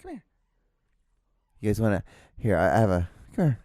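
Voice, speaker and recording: A man's voice: lowish voice, quick pace, darkish tone, dry recording. Rambling, profane male podcast host. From outside the United States. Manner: rambling, stammering restarts, profane. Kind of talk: casual solo podcast rant. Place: home. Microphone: podcast microphone.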